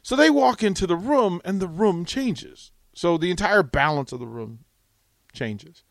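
A man hosting a radio talk show, telling a rambling, animated anecdote full of restarts, in a studio on a close mic. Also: sits high, unhurried, no room sound. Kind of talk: casual radio storytelling.

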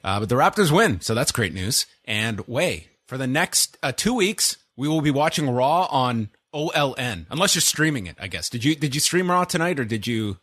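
Male podcast host, mid-pitched, sarcastic rambling chat, dead-dry mic sound. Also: big pitch swings, moderate pace, hardly any pauses, fairly bright tone, breathy edge, no echo.

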